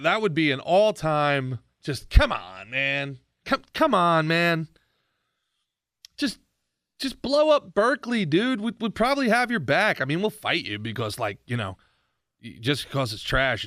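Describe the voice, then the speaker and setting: A man hosting his own podcast, ranting sarcastically about politics in a mocking, animated way. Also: medium pitch, no room sound, studio quality. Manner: sarcastic, mocking, animated rant with shouted impressions. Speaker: podcast host.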